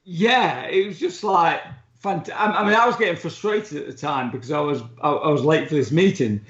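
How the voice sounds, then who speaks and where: A podcast co-host casually tells a travel story, laughing and swearing now and then. His voice is on the high side and a bit bright, with lively intonation at a normal speed, and the recording sounds roomy and dull.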